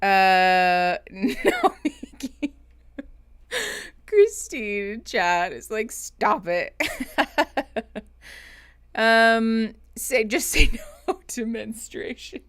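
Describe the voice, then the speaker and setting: A woman's voice: on the high side, sing-song, drawn-out words, pauses often, clear, resonant tone. A woman therapist chatting casually on a live stream, greeting viewers and laughing often. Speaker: therapist streaming reaction show.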